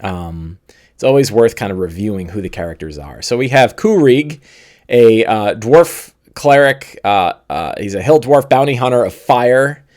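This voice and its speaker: A man who is slightly losing his voice, casually talking through his game preparation as a streaming host, with lots of fillers and pauses. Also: mid-range voice, expressive, darkish tone. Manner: rambling, with many fillers and pauses. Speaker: game master and channel host. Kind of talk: live-streamed game prep talk.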